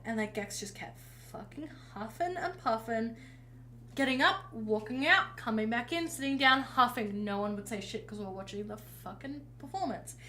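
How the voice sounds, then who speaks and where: A woman streamer casually telling a story while she paints, chatty and swearing freely, with lively acted-out dialogue. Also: fairly high pitch, moderate pace, a little hiss or hum.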